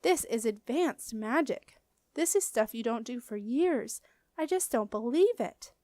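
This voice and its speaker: A woman reading a storybook and voicing a stern but proud female wizard who speaks crisply and commandingly. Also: on the high side, lively intonation, a little slow, dark tone, no echo, clean studio sound. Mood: excited.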